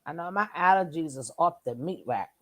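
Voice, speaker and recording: A woman's voice: low voice, expressive, brisk. A woman hosting a casual reaction commentary, chatty and scoffing, full of rhetorical questions. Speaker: commentary channel host.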